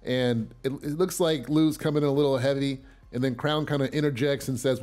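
A man casually recapping a TV episode in a chatty way, with fillers and repeated starts, getting loud and excited at big moments. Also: mid-range voice, brisk.

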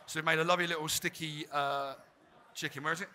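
Bright chatty chef at a demo. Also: male voice, fairly high pitch, fairly even intonation, quick pace. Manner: chatty, joking, self-deprecating. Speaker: chef giving a cooking demonstration. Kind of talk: live cooking demo talk. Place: trade fair demo stage.

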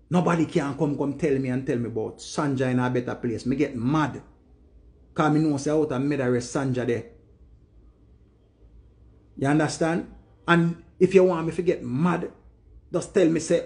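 A grieving Jamaican man speaks in a somewhat high voice, leaning on words and repeating lines for weight. He talks in heavy patois, an emphatic monologue to the camera. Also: normal speed, darkish tone. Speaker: vlogger.

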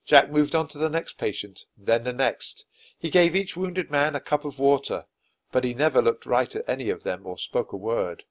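A man reading a children's chapter book aloud at a clear, natural pace for language learners. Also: medium pitch, moderate pace. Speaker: storyteller.

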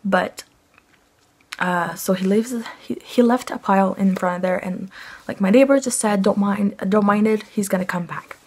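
Young woman, husky voice, casual storytime vlog, annoyed and rambling. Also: medium pitch, normal speed, a little mellow. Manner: annoyed, rambling, many fillers. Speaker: family vlogger.

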